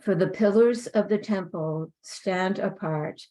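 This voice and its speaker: A woman reading a poetic passage aloud to a spiritual group, measured and solemn. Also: mid-range voice, warm tone, poor audio. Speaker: community member reading aloud.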